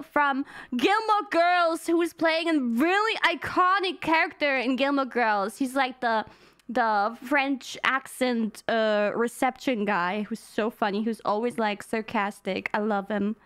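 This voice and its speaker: A woman streamer chatting casually with her viewers, excitable and gushing, laughing often. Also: high voice, unhurried. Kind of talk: casual livestream chat.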